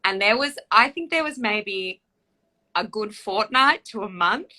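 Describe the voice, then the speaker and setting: On a live video stream captured by phone, a young adult woman who acts and co-hosts chats with enthusiasm and frequent laughter. Her medium-pitched voice is expressive, bright and forceful, and a little slow.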